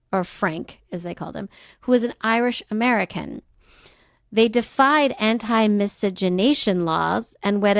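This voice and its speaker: A woman co-hosts a podcast, walking through a life story in a loose, chatty way. She drifts into slangy, joking side remarks. Her voice has a gravelly, fried edge, and it sits in a dry, close room. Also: mid-range voice, dry recording. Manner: chatty, laughing asides, slangy. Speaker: podcast co-host. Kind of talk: casual storytelling chat.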